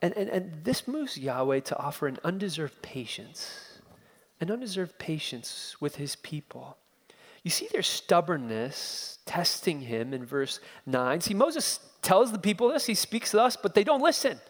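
A man delivers an expository sermon in a notably high voice, pressing his points with emphatic repetition. His words ring out with a long reverb, as if from a church sanctuary. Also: sing-song, measured pace. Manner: emphatic, building repeated phrases. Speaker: preacher.

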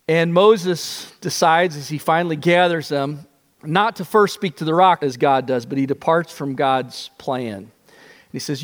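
A man preaching a sermon as pastor, telling the story in an animated way with shifting pace. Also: a little high, measured pace, long reverb tail.

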